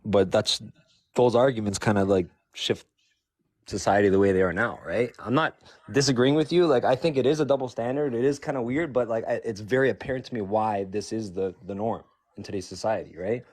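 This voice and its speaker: A man's voice: fairly low pitch, fairly quick, darkish tone. A man in a casual debate, talking loosely with many fillers and some swearing.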